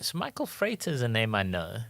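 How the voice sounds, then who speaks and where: A man co-hosting a casual comedic trivia podcast, from South Africa, talking in a rambling, animated way and laughing often. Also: lowish voice, a little fast, creaky, no echo. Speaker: podcast co-host.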